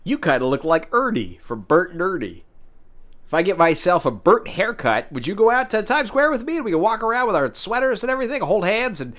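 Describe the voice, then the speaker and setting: A man's voice: sits high, very animated, brisk, a bit bright. A man hosting an improvised comedy bit, rambling and provocative, stammering through lots of fillers. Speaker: comedy show host.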